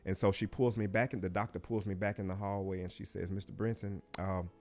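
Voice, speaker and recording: A middle-aged man, a guest on an interview show, telling a personal story in a reflective, heartfelt way that often drops to a hush and halts. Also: deep voice, little pitch movement, a little fast, faint music behind.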